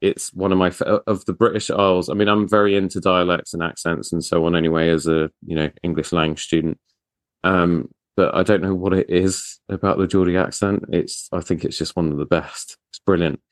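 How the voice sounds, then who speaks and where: A man hosting a podcast interview, chatty and self-deprecating with quick asides. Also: low-pitched, little pitch movement, no room sound. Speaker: podcast host. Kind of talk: casual interview chat.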